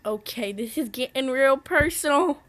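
A woman's voice: sits high, moderate pace, a bit bright. Chatty young woman vlogging with pets. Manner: chatty, rambling, coos at her pets. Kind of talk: casual daily vlog with pets. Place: bedroom at home.

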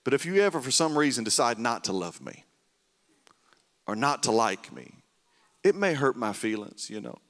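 A male pastor, preaching a sermon and telling stories, swinging between loud bursts and hushed, tender lines. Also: medium pitch, huge pitch swings, normal speed, long pauses. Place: church sanctuary. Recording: reverberant church hall.

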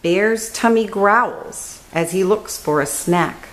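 Very slow woman reading a storybook. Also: medium pitch, low-quality recording. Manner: slow, expressive storytelling, softening to a hush on key words. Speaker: children's book reader. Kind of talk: reading a picture book aloud.

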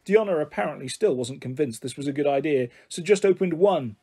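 A man narrating a children's storybook aloud with an expressive delivery. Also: a little high, brisk, breathy edge. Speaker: audiobook reader.

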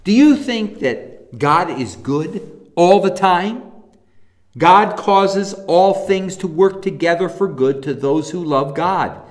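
Animated pastor teaching a Bible class. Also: male voice, sits high, slow. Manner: emphatic, asks the class rhetorical questions; reads scripture passages aloud.

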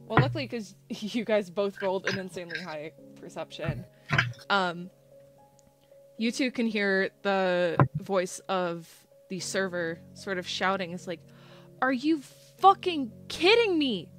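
A woman narrating a tabletop role-playing game as game master, relaxed and full of fillers. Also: mid-range voice, measured pace. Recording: faint background music.

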